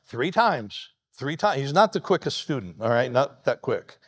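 A man pastor preaching a sermon, telling the story lively and acting out the people he quotes. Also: mid-range voice, normal speed, husky.

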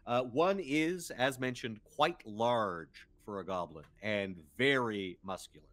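A man's voice: medium pitch, slow, fairly bright tone. A man narrating a tabletop role-playing game as game master, playful and full of fillers.

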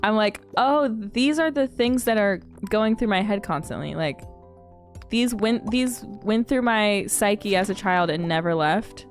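A young woman streaming a farming game, chatting casually with her viewers, bubbly and quick to laugh. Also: medium pitch. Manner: bubbly and giggly, quoting movie lines. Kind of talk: casual gaming stream chat.

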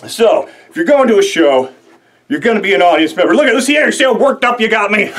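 Excitable ranting young man, high voice. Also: quick pace, a little hiss or hum. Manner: excitable, ranting, rambling with fillers. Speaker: host. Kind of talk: comedic rant.

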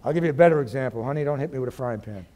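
A male pastor preaching a sermon in a folksy way, calling out to the congregation and swinging from loud declarations to very soft asides. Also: medium pitch, very fast.

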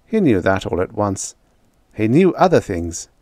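A man with a low voice narrates a vintage science fiction audiobook in a measured, steady way, lifting his delivery at tense moments. The recording is close and dry, with no room sound at all. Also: dry recording. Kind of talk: scripted story narration.

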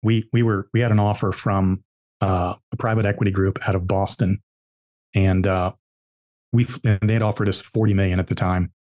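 A man with a somewhat low voice tells business stories on a podcast. He talks bluntly and drives his points home by repeating words. He speaks as an entrepreneur guest. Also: level tone, normal speed, darkish tone. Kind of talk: podcast interview storytelling.

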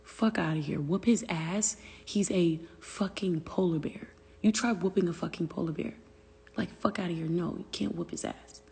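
A woman's voice: fairly low pitch, normal speed, vocal fry, mellow, husky, long reverb tail. A young woman venting on a phone livestream, profane and exasperated, answering viewer comments aloud. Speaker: livestream host. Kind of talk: casual livestream rant.

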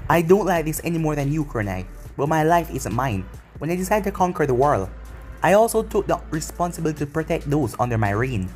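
Brief: man reading a fierce, grieving young emperor, fairly high voice, faint music under it. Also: sing-song, fairly quick. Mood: intense.

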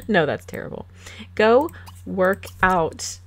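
A woman narrates her life-simulation game in a loose, chatty way. She teases and scolds her characters with a sassy, playful edge and laughs often. Her voice sits at a middling pitch, recorded on a desk microphone. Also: expressive, a little slow. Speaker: gaming channel host. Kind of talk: casual game commentary.

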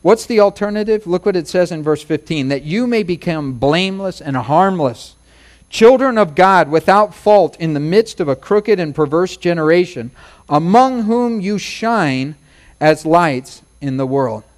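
A man's voice: sits high, lively intonation, a little slow. A middle-aged man preaching a sermon as pastor, folksy and humorous, acting out quotes and rhymes.

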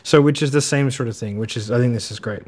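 A man giving casual commentary on sales clips, talking quickly and acting out sales calls. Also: mid-range voice. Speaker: sales coach reacting to clips.

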